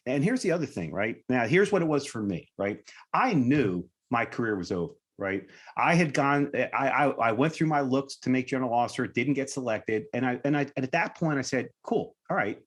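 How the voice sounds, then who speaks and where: Blunt, swearing retired Army officer. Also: male voice, medium pitch, lively intonation, a little fast, slightly rough. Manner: blunt storytelling, swears freely, keeps asking "right?". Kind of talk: casual podcast conversation.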